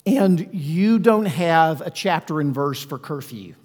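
The long reverb of a church hall surrounds this male pastor, who talks with his listeners conversationally and asks them questions during his sermon. His voice is on the high side yet darkish in tone, expressive, and slow.

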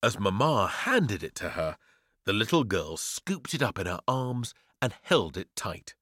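A man's voice: on the low side, big pitch swings, a little slow, a bit bright, no echo, studio quality. A man reading a children's story aloud with playful, theatrical delivery. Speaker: narrator.

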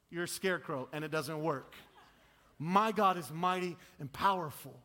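A man in his thirties preaching a sermon, swinging between loud, high bursts and low, quiet asides. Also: normal speed. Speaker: pastor.

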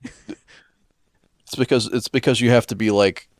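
A man co-hosting a casual movie commentary in a laid-back, deadpan, profane manner. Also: mid-range voice, slow pace, dry recording, clean studio sound. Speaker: podcast co-host.

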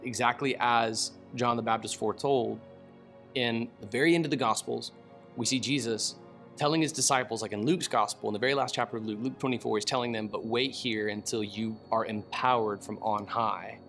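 A man teaches through a Bible passage at an ordinary middle pitch, reading the text and then riffing on it in casual slang. He is animated and often laughs at his own remarks. Soft music plays faintly behind him. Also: a little fast.

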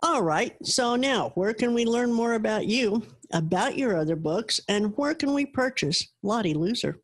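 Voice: mid-range voice, lively intonation, moderate pace. An interview host asking an author polite, encouraging questions.

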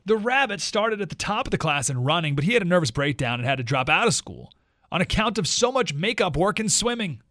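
A man hosting a talk radio show, reading a story aloud with quick asides. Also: high-pitched, very animated, bright, forceful tone, dry recording, studio quality.

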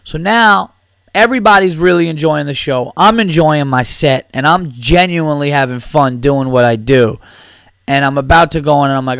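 A man's voice: a little high, moderate pace, vocal fry, fairly bright tone, clear, resonant tone, no echo, clean studio sound. Profane, exasperated male comedian. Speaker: comedian and podcast host. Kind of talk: casual storytelling rant.

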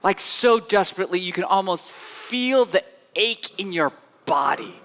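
Pastor guy preaching in a big echoey church, high bright voice, goes loud then really quiet. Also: a little slow. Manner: animated, swings from loud emphatic to soft hushed. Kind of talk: sermon. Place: church sanctuary.

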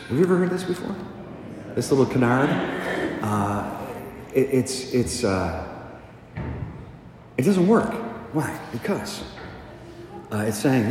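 A middle-aged man and pastor preaching a sermon, conversational and animated, asking the congregation questions. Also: on the low side, unhurried, pauses often, a little hiss or hum. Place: church. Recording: echoey church, long reverb, faint ambience.

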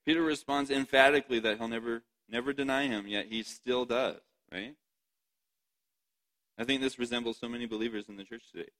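Bright-voiced man preaching with chatty laughs. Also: mid-range voice, steady tone, fairly quick, low-quality recording. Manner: chatty, laughs often, asks the audience "right?". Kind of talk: sermon.

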